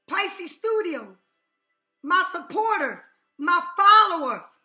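A woman's voice: very high voice, very animated, takes it slowly, bright, forceful tone, roomy sound, faint music behind. A woman giving a casual tarot reading, talking emphatically, repeating herself and checking in with "okay?" often. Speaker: tarot reader.

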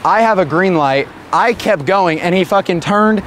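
Young male vlogger, rattled and swearing, high-ish voice, noisy roadside. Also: normal speed, fairly bright tone. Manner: upset, swearing, rambling. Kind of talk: casual vlog talk. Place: outdoors by a road after a crash. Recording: noisy street ambience.

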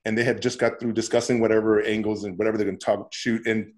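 A man's voice: lowish voice, flat delivery, quick pace. A man being interviewed as a guest actor, telling stories casually, acting out quoted voices and laughing often.

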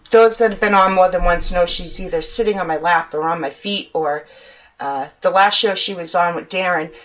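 A woman's voice: on the low side, moderate pace, fairly bright tone. A woman podcast host with a New Hampshire accent, chatting casually and joking at her own expense. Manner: joking, self-mocking, casually swears. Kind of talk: casual chat. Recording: dull lo-fi audio.

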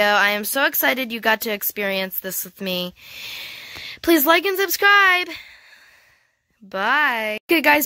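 A woman giving casual, excitable gameplay commentary, gushing and giggly as she thinks aloud. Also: a little high, no echo. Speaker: gaming channel host.

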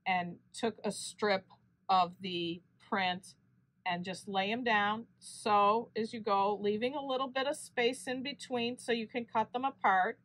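A woman hosting a quilting channel, explaining each sewing step calmly and correcting herself now and then. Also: mid-range voice, measured pace, no room sound. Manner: steady step-by-step explaining with small self-corrections. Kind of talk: unscripted sewing tutorial.

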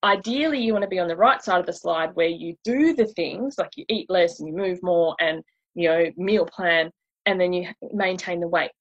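Woman, weight loss coach giving a slide talk; breathy, chatty, relatable. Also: fairly low pitch, moderate pace, lo-fi sound. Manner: chatty and relatable, acts out inner voices.

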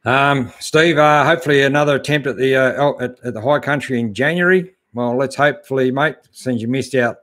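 A middle-aged Australian man hosting a casual live stream, reading out viewers' comments and answering them in a relaxed, chatty way that keeps coming back to "mate". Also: medium pitch, a little fast, hardly any pauses. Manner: laid-back, chatty, calls everyone mate. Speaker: host answering live chat.

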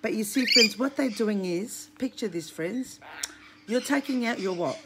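A woman's voice: on the high side, animated, a little slow. Woman filming herself on a phone, plain outspoken chat, squawking birds and noise behind. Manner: chatty, blunt, scolding, coos at her birds. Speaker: vlogger. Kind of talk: casual talk to camera. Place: home with a bird deck, indoors. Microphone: handheld phone camera. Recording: noisy home with squawking birds.

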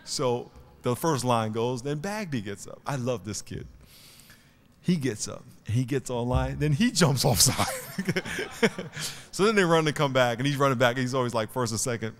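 A man's voice: medium pitch, expressive, normal speed, big-room sound. Emphatic male pastor preaching. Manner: emphatic, storytelling, swings between quiet and loud. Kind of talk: sermon. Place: church sanctuary before a congregation.

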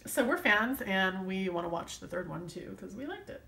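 A woman's voice: mid-range voice, expressive, normal speed, gravelly, bright, forceful tone. A woman chatting casually and rambling while she works on her planner, full of fillers and self-deprecating asides. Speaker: planner vlogger.

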